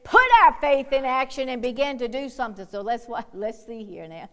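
A woman preaching a sermon with fervor, whooping and calling out hallelujahs, swinging from quiet asides to loud, bold exhortation. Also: on the high side, normal speed, hardly any pauses. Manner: fervent, punctuated by whoops and hallelujahs.

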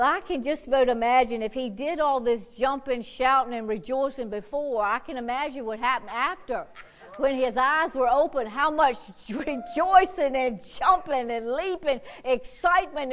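High-voiced woman pastor preaching slowly. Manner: fervent preaching, swinging from shouts to hushed prayer. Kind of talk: sermon.

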